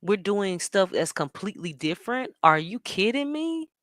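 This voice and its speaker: A woman hosting a show, talking in an animated, sassy way with plenty of slang while she reacts to a stream. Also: mid-range voice, moderate pace, no echo, clean studio sound. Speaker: show host. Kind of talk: casual commentary reacting to a stream.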